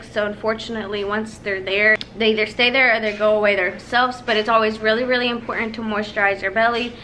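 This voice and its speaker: A woman's voice: a little high, sharp tone, slight background noise, poor audio. A woman in her early twenties chatting casually to her viewers, emotional and laughing as she tells stories. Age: 20s. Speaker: vlogger. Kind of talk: casual chat.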